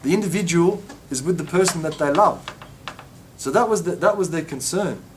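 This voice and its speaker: A man's voice: on the high side, moderate pace, slight background noise. A man teaching an informal religious lesson, telling stories and acting out quoted voices with many restarts.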